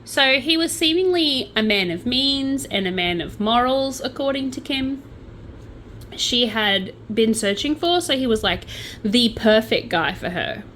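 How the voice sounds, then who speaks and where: A young Australian woman tells a true crime story as a casual, chatty host. Her pitch swings up and down with plenty of life, and she drops in sardonic, playful asides. Faint background noise sits under her voice. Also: animated, measured pace, fairly bright tone, poor audio.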